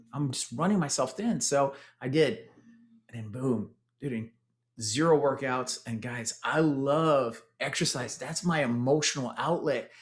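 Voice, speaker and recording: A man in his forties with a Texan accent, telling his fitness story with energy to an audience he keeps calling "guys". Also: mid-range voice. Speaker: former tech executive sharing his testimonial. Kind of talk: motivational testimonial talk.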